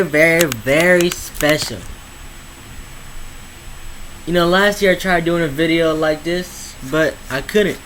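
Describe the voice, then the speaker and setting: A teenage boy with a slightly high, casual voice talks to his viewers. He rambles, repeats himself, and drifts between slow drawn-out phrases and quicker bursts, with a faint hiss of room noise behind him. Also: fairly bright tone, poor audio. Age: teens. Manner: rambling, slangy, repeats words, drawls some phrases slowly. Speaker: YouTuber. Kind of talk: casual vlog monologue.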